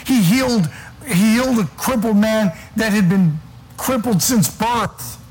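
A man preaching a sermon, reading scripture and pressing his points with slow, weighty emphasis. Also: high-pitched, a little mellow, a little hiss or hum, poor audio.

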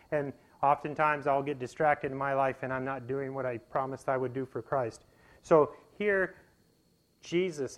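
Male preacher, mid-pitched voice, earnest conversational sermon delivery with frequent restarts. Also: rough recording.

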